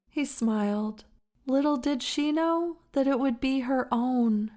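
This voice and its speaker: A woman narrating a historical story in a slow, measured, dramatic way. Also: high voice, warm tone.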